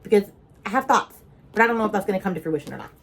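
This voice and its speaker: In a mid-range, slightly rough voice, a young woman rattles along very fast about the book she's reading. Her vlog is casual, chatty and animated, full of mock-outraged remarks and casual swearing.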